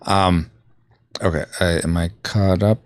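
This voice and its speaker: A man's voice: sits low, steady tone, measured pace. A man hosting a podcast, chatting casually while playing a video game and reading out chat messages. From California and Colorado. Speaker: podcast host.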